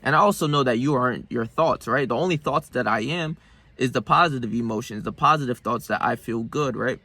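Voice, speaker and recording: A man's voice: mid-range voice, brisk, pushed and bright, no echo. A young man vlogging about self-improvement in a casual, profane monologue. He tells the story loosely, with lots of slang and fillers.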